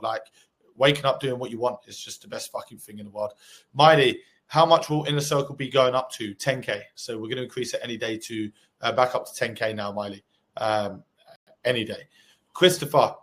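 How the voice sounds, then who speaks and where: A man hosting a live online Q&A, reading out viewer questions and firing back answers. His voice sits at an ordinary, mid pitch. He talks in a hyped, sweary, pep-talk manner. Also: a bit bright. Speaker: co-host.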